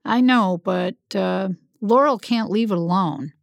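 A woman voicing a distressed adult man, a smith, who pleads and then shouts. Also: mid-range voice, unhurried, creaky, no echo, studio quality. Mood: pleading.

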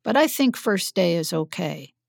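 A woman voicing a friendly man whose words come through a translation app, slow and careful with simple phrasing. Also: fairly low pitch, very animated, gravelly, dry recording, clean studio sound, heavily acted.

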